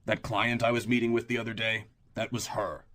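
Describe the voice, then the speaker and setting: A man voicing a guarded young man, a former bodyguard who speaks in terse, measured lines. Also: on the low side, flat delivery, sharp tone. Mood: earnest.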